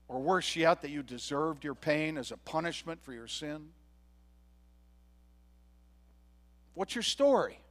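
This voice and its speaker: A high-voiced, earnest grown man who was blind and has been healed, as a pastor plays him. He tells his story in a first-person sermon monologue, grateful and sincere, and acts out the other people's lines as he goes. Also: a bit bright. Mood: pleading. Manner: earnest storytelling with quoted dialogue.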